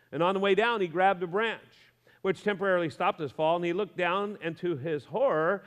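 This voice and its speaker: A male pastor preaching a sermon in a lively, conversational way, with humor and asides to the congregation. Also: high voice, in a large hall.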